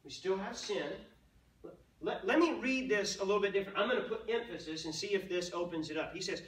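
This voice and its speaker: Guy leading a bible class in a church room, high voice, echoey and kinda far from the mic. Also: animated, a bit bright. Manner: conversational, asks the class questions, slow emphatic stresses. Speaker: Sunday school teacher. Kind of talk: adult Bible class teaching. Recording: roomy sound, speaker off mic.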